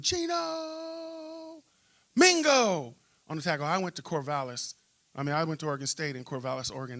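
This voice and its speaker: A middle-aged man, a pastor, telling a story in a church interview and acting out shouting crowds. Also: mid-range voice. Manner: animated storyteller, acts out crowd chants.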